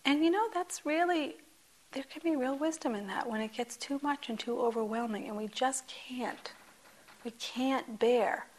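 Gentle woman giving a meditation talk. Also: sits high, measured pace. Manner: gentle and conversational, with many soft asides and whispered phrases. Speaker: meditation teacher. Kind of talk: dharma talk. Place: meditation hall with a group.

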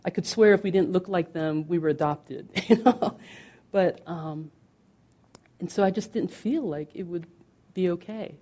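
A middle-aged woman meditation teacher speaks in a low register with a soft, warm tone. Her dharma talk is conversational and candid, peppered with fillers. She lingers slowly on the words she wants to land. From United States.

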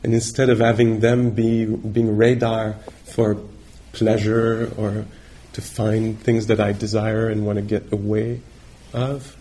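A male meditation teacher giving a dharma talk on retreat, gentle and reflective, pausing often as he searches for words. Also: on the low side, flat delivery, a little hiss or hum. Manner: halting, searching for words with many pauses.

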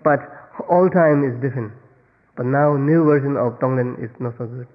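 A Buddhist meditation teacher giving a dharma talk in simple, non-native English, playfully acting out little everyday scenes. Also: male voice, medium pitch, normal speed. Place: meditation retreat hall. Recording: tinny lo-fi recording with long hall reverb.

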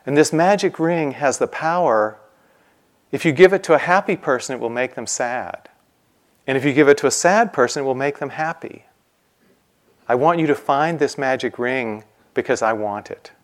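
A man's voice: mid-range voice, normal speed, lightly acted. A man voicing a proud, demanding king as he tells a story in a talk. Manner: storyteller quoting a king's challenge.

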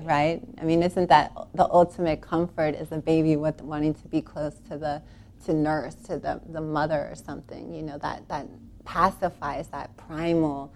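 A woman with a slightly low voice tells a personal spiritual story. She talks earnestly and with animation, wandering through restarts and breaking into laughs along the way. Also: darkish tone, slight background noise. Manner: rambling, with many restarts.

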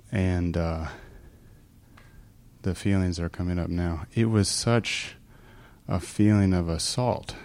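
A man with a very deep voice shares a personal story with a meditation group. He speaks softly and haltingly, and sometimes breaks off mid-thought as emotion comes through. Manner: halting, soft-spoken, emotional. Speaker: group participant sharing a story.

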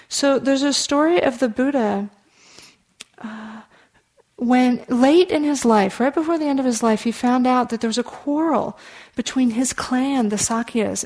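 Earnest woman giving a dharma talk. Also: a little high. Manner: earnest, warm storytelling with soft asides; conversational, with frequent "uh" fillers. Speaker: meditation teacher.

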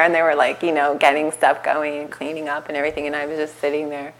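Woman teacher, dharma talk, animated storyteller, acts out voices, laughs a lot, faint room noise. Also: fairly low pitch, fairly quick. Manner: animated storytelling, acting out quotes, laughing often. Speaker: meditation teacher. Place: retreat center meditation hall.

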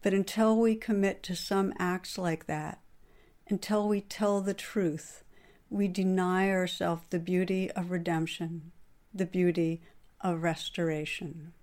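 A middle-aged woman giving a dharma talk as a meditation teacher, in a gentle, earnest storytelling manner. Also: on the low side, steady tone, measured pace.

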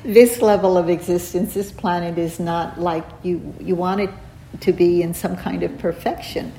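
A woman meditation teacher giving a dharma talk in a gentle, unhurried way, with pauses and fillers and soft laughs at her own stories. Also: on the low side, steady tone, vocal fry, slight background noise, rough recording. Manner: laughs softly while telling stories. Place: retreat center hall.

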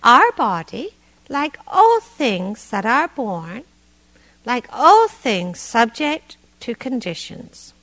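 Woman teaching meditation, chatty and a bit funny, highish voice that swoops around a lot. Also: very animated, slow, low-quality recording. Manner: conversational, gently humorous. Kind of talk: dharma talk. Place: meditation hall.

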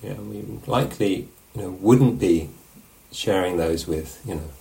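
A man teaching meditation, giving a relaxed, musing dharma talk at a retreat and often checking in with his listeners. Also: sits low, a little slow, vocal fry, poor audio. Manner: reflective, musing, asks questions of the listeners. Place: meditation hall.

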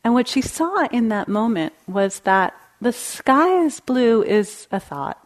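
A woman meditation teacher giving a dharma talk in a gentle, conversational way, laughing lightly now and then. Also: on the high side, very animated, slow. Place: meditation hall.

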